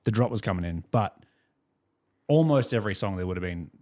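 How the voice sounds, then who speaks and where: A man's voice: on the low side, lively intonation, brisk, a little mellow. An Australian man co-hosting a music podcast, chatting casually and telling rambling stories with many fillers and laughs. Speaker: podcast co-host. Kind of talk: casual chat.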